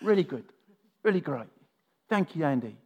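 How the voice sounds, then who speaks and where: A man's voice: a little high, very animated, normal speed, husky, highs cut off. A man mimicking a patronizing faith-healing seminar leader. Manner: breezy, condescending.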